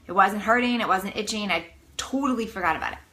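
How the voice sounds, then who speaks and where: A woman in her thirties, casually telling a vlog story to the camera, animated and breathless. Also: medium pitch, fast. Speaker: vlogger.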